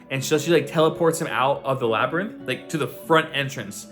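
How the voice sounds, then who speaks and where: A man's voice: medium pitch, brisk, hardly any pauses, a bit bright, faint music behind. A young man reviewing and recapping an anime in a loose, chatty, profane style, full of fillers and asides.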